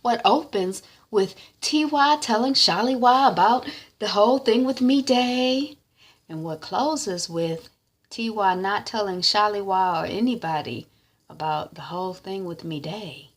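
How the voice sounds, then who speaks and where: A woman's voice: mid-range voice, measured pace. A woman hosting her own channel, chatting animatedly as she recaps a TV episode. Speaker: vlogger recapping a TV series. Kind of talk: casual recap.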